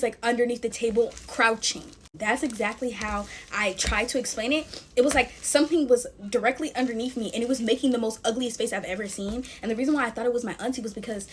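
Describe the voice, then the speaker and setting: Chatty higher-voiced woman telling scary stories. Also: a little hiss or hum. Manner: chatty, talks straight to viewers. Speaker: storytime vlogger. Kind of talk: casual scary storytime while making slime.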